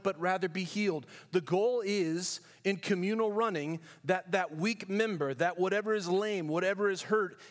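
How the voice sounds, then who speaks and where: A pastor from California preaching a sermon in a church, emphatic, with rhetorical questions and storytelling asides. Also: male voice, high-pitched, in a large hall.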